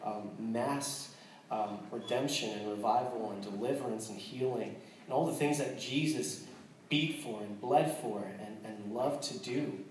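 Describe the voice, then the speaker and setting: An American man shares his testimony with a congregation, earnest but quick to joke, often restarting his sentences. He sounds set back from the mic, in a hall with heavy echo. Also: mid-range voice, recorded from a distance, a little hiss or hum. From United States. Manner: earnest and joking, with frequent restarts. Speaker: missionary speaking to a church.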